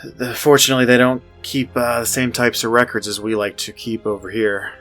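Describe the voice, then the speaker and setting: A man's voice: mid-range voice, level tone, a little fast, fairly bright tone, faint music behind. A man taking part as a player in a tabletop game, speaking confidently with small hesitations. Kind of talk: casual tabletop play.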